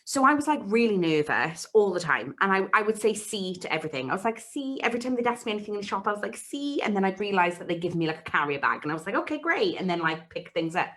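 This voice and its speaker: A woman's voice: medium pitch, rapid-fire, few pauses. A young woman, a podcast co-host, telling a story in casual chat and acting out the voices she quotes. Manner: animated, acts out quoted voices. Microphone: home mic, live streamed call.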